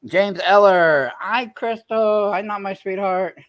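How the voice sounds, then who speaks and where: A man's voice: high-pitched, slow, a bit bright. A man hosting a casual livestream chat, greeting viewers by name, tired and in pain. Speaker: livestream host.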